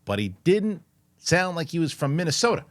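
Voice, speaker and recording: A man hosting a casual chat show, talking in an animated, rambling way with many restarts and fillers. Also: fairly high pitch, normal speed, dry recording. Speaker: host.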